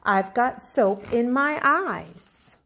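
A woman's voice: on the high side, expressive, extremely slow, gravelly, fairly bright tone, voice pushed up, exaggerated voice. A woman voicing an unhappy farm cow in a storybook read-aloud, mooing as she complains. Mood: complaining. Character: unhappy farm cow, grumbling at bath time.

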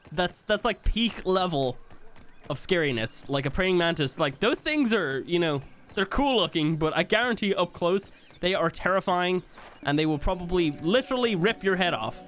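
A man's voice: sits high, animated, moderate pace, fairly bright tone, soft background music. A man giving chatty let's play commentary as he plays, thinking aloud with plenty of fillers. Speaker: gaming video creator.

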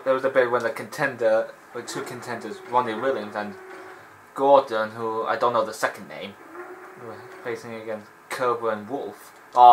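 A man with a medium-pitched, sharp-toned voice hosts a let's play, rambling and digressing as he games and laughing often. The recording is low quality, with slight background noise.

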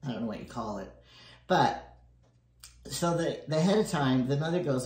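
Chuckling often, an older woman rambles through family stories as she bakes, chatting casually for her home cooking vlog. Her rumbling low voice is a little mellow, with lively intonation, normal speed, and frequent pauses. The room is echoey, with faint noise.

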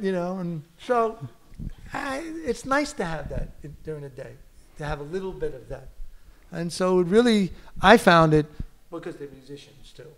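A man's voice: high-pitched, animated, moderate pace. A man from the United States, a film director and actor, talking animatedly as a guest in an onstage conversation, full of "you know" and laughter.

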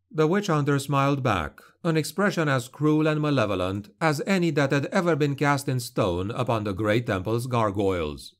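A man reading a dark fantasy novel aloud in measured, dramatic narration. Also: medium pitch, lively intonation. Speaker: audiobook narrator.

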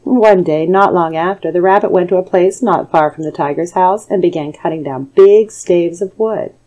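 A woman narrating a calm bedtime story in a soothing, measured way, recorded as a studio voice-over. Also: fairly low pitch, low-quality recording.

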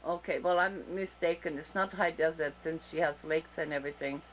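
Slow-speaking woman with a German accent. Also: deep voice, fairly even intonation, slight background noise, poor audio. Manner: slow deliberate speech with many fillers and restarts. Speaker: talk show host. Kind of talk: casual interview over video call.

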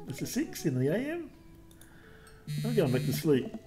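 A man's voice: a little high, huge pitch swings, moderate pace, music in the background. A man streaming a dating game, reading it aloud with wry, jokey asides. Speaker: let's play streamer.

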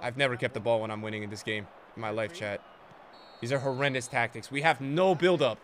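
A young man streaming a football video game, chatting casually with his viewers and swinging from low mutters to excited shouts, full of slang. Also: a little fast, a little hiss or hum. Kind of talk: live gameplay commentary.

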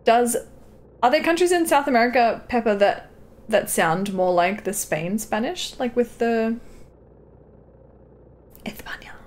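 A woman's voice: fairly high pitch, moderate pace. A young woman streaming a farming game, chatting and giggling as she reads out her viewers' messages. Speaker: livestreamer. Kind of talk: casual gameplay chat with viewers.

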